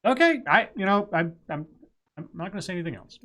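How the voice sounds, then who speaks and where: A man with a fairly high voice co-hosts a casual political talk stream. He rambles, restarts his sentences and breaks off to comment on what he reads. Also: expressive, fast talker, sharp tone. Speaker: co-host of a news talk stream.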